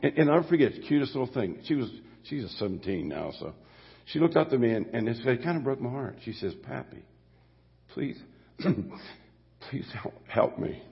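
Older pa preacher guy, gravelly husky voice, rambly folksy sermon, muffled echoey church sound. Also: medium pitch, big pitch swings, fast talker. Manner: folksy and rambling, with restarts and storytelling asides. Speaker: guest pastor. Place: church sanctuary. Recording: muffled church recording with long hall reverb.

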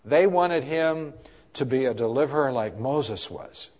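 A man preaching a sermon at a mid pitch, his voice carrying a long reverb through a large church hall. He asks the congregation questions and swings from soft, low passages to loud, raised ones. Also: animated, unhurried. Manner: preaching with rises and drops in loudness, asking the congregation questions. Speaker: pastor.

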